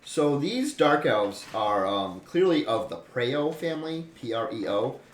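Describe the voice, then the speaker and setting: A man's voice: mid-range voice, sing-song, measured pace. A man narrating as game master, rambling and full of fillers. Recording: echoey room, faint noise.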